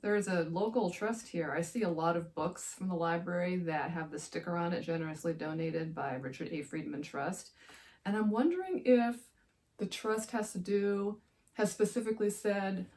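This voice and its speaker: A woman's voice: fairly low pitch, moderate pace, a little mellow. Gushing woman chatting about books. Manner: gushing, digressive, enthusiastic. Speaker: romance writer reviewing books. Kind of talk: casual book-review chat.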